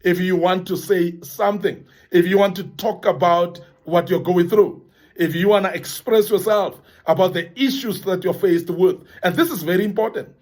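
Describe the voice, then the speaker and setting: A man with a high-pitched voice delivers a motivational talk to young men. He speaks earnestly and emphatically, and he circles back over the same phrases to drive his point home. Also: moderate pace, a little mellow.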